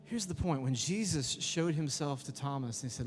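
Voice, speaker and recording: Lively youth pastor in a hall. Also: male voice, a little high, normal speed. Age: 30s. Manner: lively storytelling, acts out voices. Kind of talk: youth sermon. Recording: echoey hall with music behind.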